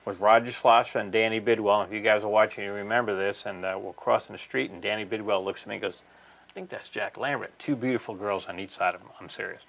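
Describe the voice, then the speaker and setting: Gravelly low-voiced male TV co-host. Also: fairly even intonation, fairly bright tone. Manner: chatty, tells quick stories. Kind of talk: casual sports chat. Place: local cable TV studio.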